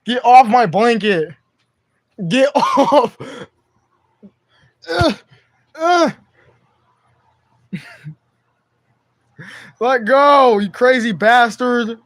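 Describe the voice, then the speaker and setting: A man's voice: very high voice, animated, very slow, long pauses, fairly bright tone. A young man live streaming from home on his phone, chatting to his cat in slangy, profane speech. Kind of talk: casual live stream chat.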